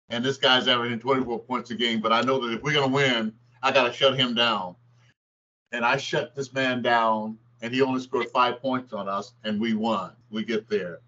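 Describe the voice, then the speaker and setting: An older man, a former basketball player, telling stories in an interview and acting out the quotes. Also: medium pitch. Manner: animated storyteller, acts out quotes. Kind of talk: storytelling interview. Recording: dull lo-fi sound.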